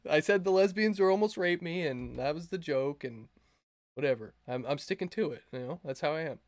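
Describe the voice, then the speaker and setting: A man's voice: a little high, expressive, brisk, no room sound. A young man chatting on a podcast, telling a crude, rambling story with lots of fillers and laughs. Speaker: podcast co-host. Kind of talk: casual podcast chat.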